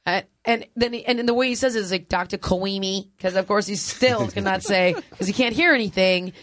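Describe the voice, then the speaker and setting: A woman's voice: mid-range voice, a little fast. A woman in her forties, a podcast host, telling a crude, funny family story in casual chat, laughing often. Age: 40s. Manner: animated, laughing, crude humor.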